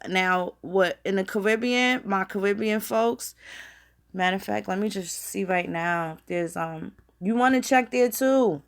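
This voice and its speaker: A woman hosting a loose, unscripted stream from her computer. She talks straight to her viewers, rambles from one thought to the next, and swears freely. Her pitch sits in an ordinary middle range for a woman. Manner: rambling, profane, conversational, addresses viewers directly. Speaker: channel host. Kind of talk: casual livestream talk.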